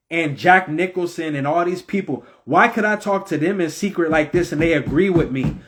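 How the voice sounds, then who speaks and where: Man, preachy and repetitive, fairly high-pitched, impassioned monologue. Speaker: religious commentator.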